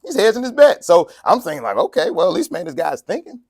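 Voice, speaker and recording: A man with a high voice preaches a casual, joking sermon, his pitch swinging hugely as he talks fast with some vocal fry and a darkish tone. He laughs often and acts out the people in his story in a folksy way. The recording is dry.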